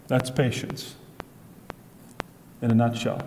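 Male preacher, high voice, emphatic and repetitive sermon delivery, long hall reverb. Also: a little slow, darkish tone, slight background noise.

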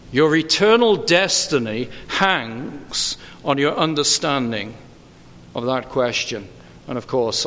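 A man preaching a sermon in an earnest, emphatic way, slowing down to stress key phrases. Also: on the high side, fairly bright tone. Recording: long reverb of a large hall.

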